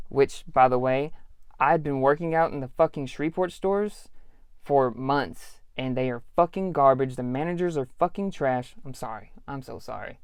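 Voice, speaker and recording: A man in his thirties vents on his own podcast, cursing freely and talking in loose, slangy sentences. His voice is smooth and clear, and the recording is dry and close. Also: medium pitch, moderate pace, no echo. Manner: profane, frustrated ranting; casual, slangy storytelling. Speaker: podcast host. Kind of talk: solo podcast monologue.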